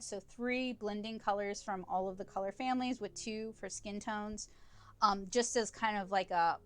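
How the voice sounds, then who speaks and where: A woman's voice: medium pitch, smooth. A woman hosting an art livestream, chatting casually and rambling a little, with self-deprecating asides. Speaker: livestream host and artist.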